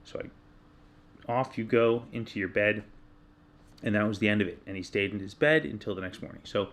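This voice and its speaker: A man in his thirties telling a personal story in casual chat, candid and self-deprecating, getting animated when he retells his own yelling. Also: lowish voice, normal speed. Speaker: podcast co-host.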